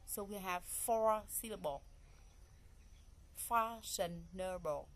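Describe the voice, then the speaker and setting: A woman's voice: mid-range voice, takes it slowly, fairly bright tone. A woman teaching English pronunciation, repeating each word and counting its syllables aloud in simple, non-native phrasing. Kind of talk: classroom pronunciation lesson.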